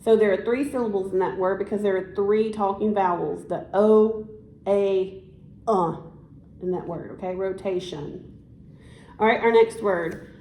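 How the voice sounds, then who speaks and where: Medium in pitch and dark in tone, a woman speaks at a moderate pace, with a little hiss or hum on an echoey recording. As a teacher in a one-on-one science lesson, she encourages and praises her student while having them echo her phrases.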